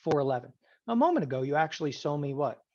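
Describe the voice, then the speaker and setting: A man teaching an options trading class, animated and sarcastic, often acting out students' voices. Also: a little high, fast. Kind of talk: classroom lecture. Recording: dull lo-fi sound.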